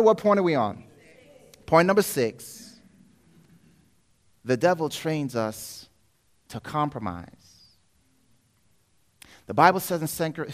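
A male preacher with a fairly high voice delivers a sermon. He is animated and acts out quoted voices, moving between loud stretches and quiet, hushed ones.

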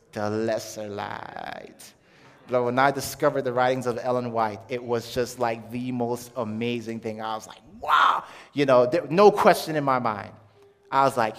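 Man, young adult, preacher, testimony sermon, animated storytelling, mid pitch, long hall reverb. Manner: animated storytelling, acting out quoted voices, laughing.

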